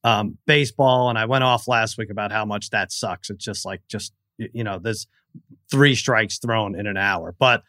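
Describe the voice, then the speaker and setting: A middle-aged man co-hosting a casual sports chat, telling an animated, rambling story full of restarts. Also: lowish voice, moderate pace, no echo, studio quality. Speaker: podcast co-host.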